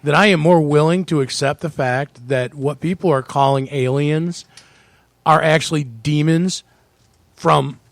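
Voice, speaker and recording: Earnest, reflective male podcaster, mid-pitched, dry close mic. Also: a little slow, dry recording. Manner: reflective, earnest, speaks of God. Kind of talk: casual podcast chat.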